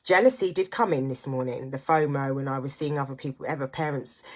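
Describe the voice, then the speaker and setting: A middle-aged woman speaks straight to her viewers in a low voice. She is earnest and reflective, mixing personal confession with motivational advice in an unscripted vlog. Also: fairly quick. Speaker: vlogger and single parent. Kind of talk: candid personal vlog monologue.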